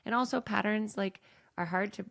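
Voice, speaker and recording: A woman's voice: medium pitch, normal speed, vocal fry, a bit bright, no room sound, studio quality. A woman podcast host and coach, talking candidly and reflectively about her own experiences in a personal monologue.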